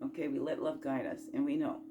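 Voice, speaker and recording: A woman hosting a casual self-growth chat, folksy and encouraging, rambling through asides and rhetorical questions, sometimes bursting out loud and sometimes dropping to a murmur. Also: very deep voice, fairly even intonation, quick pace, over music. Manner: swings between loud bursts and quiet murmurs. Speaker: spiritual self-growth host.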